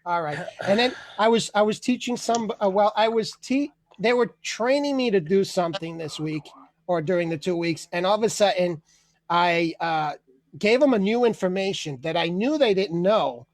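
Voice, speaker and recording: A man hosting a comedy open mic over a video call, telling an animated, exasperated bit and laughing at his own jokes. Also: high voice, moderate pace, no room sound. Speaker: comedy show host.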